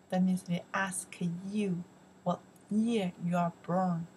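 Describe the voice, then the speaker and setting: A woman with a Chinese accent teaching vocabulary, saying each word loudly and explaining it more softly in English. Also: on the low side, fairly even intonation, slow pace, breathy edge, rough recording. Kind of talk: vocabulary lesson, repeating words aloud.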